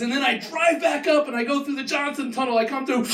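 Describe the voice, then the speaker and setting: A man doing a stand-up comedy set, ranting and mocking, breaking into shouted impressions. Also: extremely high pitch, fast talker, hardly any pauses, reverberant, far from the mic. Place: live comedy venue with an audience.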